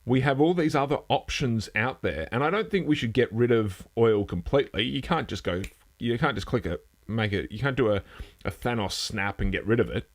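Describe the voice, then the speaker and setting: A man's voice: mid-range voice, lively intonation, brisk. A man hosting a casual live news stream from a home setup, rambling and self-deprecating, trailing off and restarting as he goes. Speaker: host.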